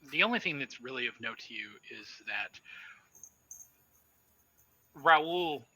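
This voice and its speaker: A man narrating as storyteller in a tabletop role-playing game, slow and hesitant, with many fillers. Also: mid-range voice, lively intonation, pushed and bright, rough recording.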